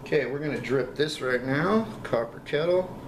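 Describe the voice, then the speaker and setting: A man giving a casual product review, talking in halting, enthusiastic bursts and coughing now and then from a lingering cough. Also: fairly high pitch. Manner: halting, repeats words, enthusiastic. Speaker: vape juice reviewer. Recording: echoey room with background noise.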